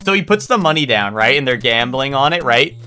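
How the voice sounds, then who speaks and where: A man's voice: medium pitch, expressive, brisk, pushed and bright. A man streaming live, chatting casually and telling a rambling story full of fillers and restarts. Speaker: livestreamer. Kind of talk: casual livestream chat.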